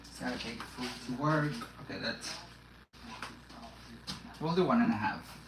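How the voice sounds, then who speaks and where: A woman's voice: extremely low pitch, measured pace, noisy background. Chatty woman cooking in an echoey kitchen. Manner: chatty, talks to herself while cooking, rambling restarts. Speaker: cooking livestream host. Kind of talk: casual live cooking chat. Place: home kitchen. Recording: echoey kitchen with loud pan and dish clatter.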